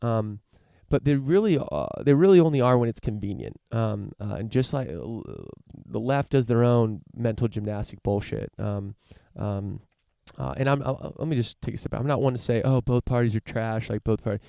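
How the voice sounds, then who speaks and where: Gravelly, low-voiced man ranting casually. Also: lively intonation, normal speed, few pauses, mellow, no room sound, clean studio sound. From United States. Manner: rambling, many fillers and restarts, swears casually. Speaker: podcast host. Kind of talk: casual opinion monologue.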